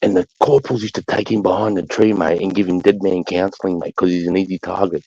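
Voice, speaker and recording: A man's voice: deep voice, level tone, quick pace, gravelly, darkish tone, no echo, muffled recording. A man telling rambling, crude war stories in casual chat, swearing constantly and laughing.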